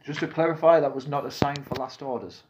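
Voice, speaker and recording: A man with a North East English accent rambles through loose, jokey podcast banter at a middling pitch. He drifts from topic to topic and laughs at his own gags. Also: fairly even intonation, fast, noisy background. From Peterlee, England. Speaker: podcast co-host. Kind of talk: casual banter.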